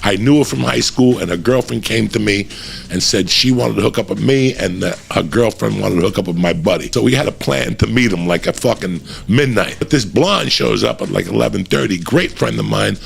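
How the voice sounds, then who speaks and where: Gravelly profane man telling a story. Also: lowish voice, a little fast, a little hiss or hum. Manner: profane, animated, acts out voices in his stories. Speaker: comedian storyteller. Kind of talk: casual storytelling.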